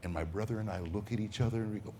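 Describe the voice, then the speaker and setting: A man telling stories to children at a school, dramatic and animated, swinging from whispers to booms. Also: rapid-fire, slight background noise. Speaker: storyteller. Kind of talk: storytelling to children.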